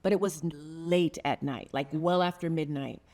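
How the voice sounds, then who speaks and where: Earnest storytelling woman host, lowish voice. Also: fairly even intonation, normal speed, darkish tone. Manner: earnest, storytelling, laughs often. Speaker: podcast host. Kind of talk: heartfelt sit-down conversation.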